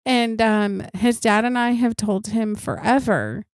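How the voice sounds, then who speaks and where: A woman's voice: a little high, unhurried, no echo, studio quality. A woman in her thirties co-hosting a podcast, chatting casually with fillers. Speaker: podcast co-host. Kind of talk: casual chat.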